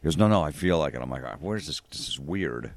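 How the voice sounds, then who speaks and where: A male comedian being interviewed, telling stories in a deadpan way and acting out the other people's lines. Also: rumbling low, fast talker, no room sound. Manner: deadpan storytelling, acts out dialogue. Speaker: comedian guest. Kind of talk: casual interview chat. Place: on location, dry room.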